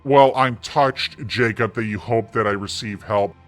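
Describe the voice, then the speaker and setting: A man's voice: on the low side, measured pace, a bit bright, faint music behind. A man hosting his own online commentary, taunting and mocking in a sarcastic tone.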